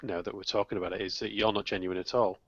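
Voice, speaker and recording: A man on a casual live panel chat, teasing his friends in a lively way. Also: lowish voice, fast, husky. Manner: teasing, lively, does mock voices of friends. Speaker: panel member. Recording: dull lo-fi live stream audio.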